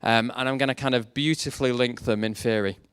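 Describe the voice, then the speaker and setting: A young man preaches a sermon that blends faith talk with self-deprecating jokes and personal stories about his past. His mid-range voice is clear, resonant, and fairly bright, with fairly even intonation and a quick pace, captured in a dry, studio-quality recording.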